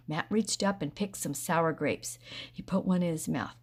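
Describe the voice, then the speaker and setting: A woman narrating a children's storybook in a steady, expressive way. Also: sits low, normal speed, breathy edge. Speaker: audiobook reader.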